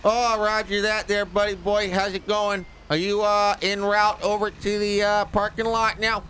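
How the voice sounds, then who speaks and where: A man's voice: high voice, little pitch movement, moderate pace, sharp tone, slight background noise, voice pushed up. A man voicing a happy-go-lucky, oafish male tow driver who talks in a cheery, folksy way over the radio in a roleplay game.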